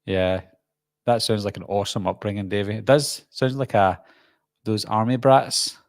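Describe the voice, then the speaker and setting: Reading out viewer comments and chatting over them, a middle-aged man from Scotland with a Glaswegian accent hosts a relaxed live-stream Q&A. He speaks on the low side, steady and at a moderate pace, with no room sound.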